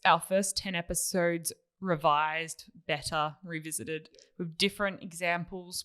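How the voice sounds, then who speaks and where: A woman's voice: fairly low pitch, a bit bright. A woman, co-hosting a finance podcast with a teasing, cheerful manner and frequent laughs. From Australia. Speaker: podcast co-host. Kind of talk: casual chat.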